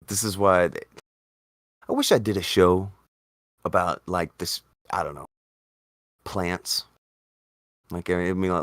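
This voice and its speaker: A man hosting a casual talk show, animated and swearing, his voice jumping up when he argues. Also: slow pace, long pauses, dry recording, studio quality. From Indiana. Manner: animated, swearing, jumps up in pitch when arguing. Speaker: podcast host. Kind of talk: casual chat.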